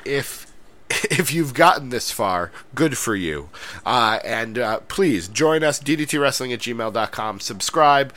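Bright-voiced man joking as a podcast host. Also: mid-range voice, expressive, unhurried. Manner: joking, mock-exasperated. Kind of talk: casual chat.

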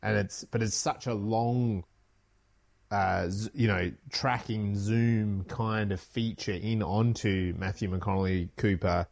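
A middle-aged man, a podcast co-host, chatting casually about a film, rambling and animated with quick asides. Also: fairly low pitch, creaky, no room sound, clean studio sound. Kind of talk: casual film discussion chat.

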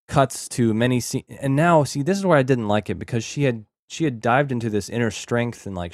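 A man's voice: on the low side, a little mellow, no room sound, clean studio sound. A man co-hosting a podcast, casually recapping a movie in a rambling way, often restarting his sentences. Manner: rambling, frequent restarts and hedging fillers. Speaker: podcast co-host.

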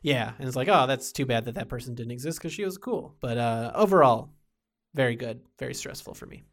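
A man's voice: medium pitch, fairly quick, vocal fry. A man chatting casually about TV shows, rambling with many fillers and restarts. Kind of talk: casual chat.

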